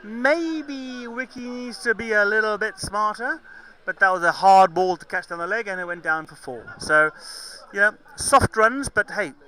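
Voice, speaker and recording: Bright high-voiced man calling cricket. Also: normal speed, hardly any pauses, clear, resonant tone, rough recording. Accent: mixed southern African and English. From Zambia. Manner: chatty, jokey, self-correcting. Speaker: cricket commentator. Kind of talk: live match commentary.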